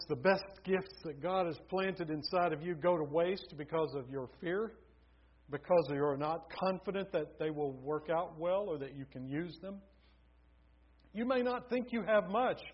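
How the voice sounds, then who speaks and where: A man's voice: fairly high pitch, husky. A man preaching a sermon, telling stories with building emphasis. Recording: dull lo-fi recording.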